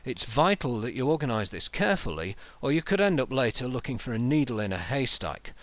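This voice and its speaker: A man narrating a software tutorial in a measured, explanatory way, talking through each menu step aloud. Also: medium pitch, sing-song, dry recording. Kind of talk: screen-recorded software tutorial.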